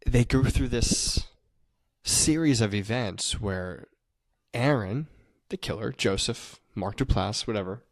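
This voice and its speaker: A man casually recapping a movie as a podcast co-host, telling it in an animated way, swearing and acting out the characters' lines. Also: on the low side, slow pace, no room sound.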